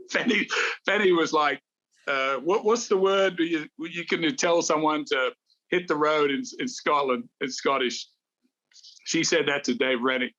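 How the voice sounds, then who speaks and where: A man's voice: fairly high pitch, measured pace, bright, forceful tone, highs cut off. A man, a former golf pro, co-hosting a casual chat and telling playful stories. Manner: storytelling, playful.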